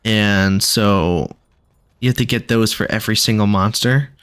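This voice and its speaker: A man's voice: lowish voice, measured pace, fairly bright tone, clear, resonant tone. A man casually commenting on his own gameplay as he plays, thinking aloud and reacting with sudden exclamations. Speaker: gaming video creator.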